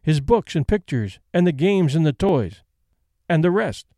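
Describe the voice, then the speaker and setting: This is a reserved middle-aged companion in a storybook reading, quiet and restrained, as a man reads her. She speaks plainly and dutifully in a slightly high voice. The recording is dry and close. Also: big pitch swings, a little slow, dry recording.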